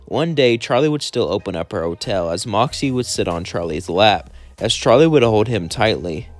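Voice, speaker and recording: A man's voice: on the low side, lively intonation, moderate pace. A man casually narrating a fan story in a rambling, hesitant way. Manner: rambling, hesitant with "well" and "as then".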